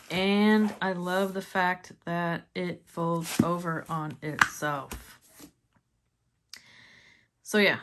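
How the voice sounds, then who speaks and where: A woman's voice: on the low side, background noise. A woman with a Missouri accent chatting casually in a planner review vlog, laughing often and sounding enthusiastic. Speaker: planner vlogger.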